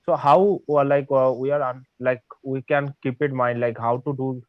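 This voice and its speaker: A man, a student in an online class, asking a question haltingly and filling it with "uh" and "like". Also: medium pitch, steady tone, no room sound. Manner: hesitant, full of "uh" and "like". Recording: dry lo-fi call audio.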